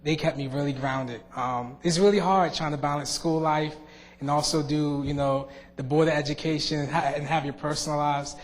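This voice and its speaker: A young man speaks in a fairly high voice, with many "um"s and restarts. He gives a sincere farewell speech as a student board member. The long reverb of a large meeting hall trails each phrase. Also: fairly even intonation. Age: young adult. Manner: halting, many fillers and restarts. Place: school board meeting room.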